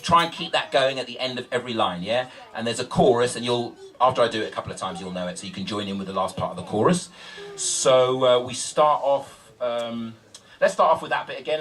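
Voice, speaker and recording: A man's voice: mid-range voice, fast talker, fairly bright tone, far from the mic. A man, a spoken word poet, chatting casually and self-mockingly to a live audience before his poem, with plenty of ums and uhs.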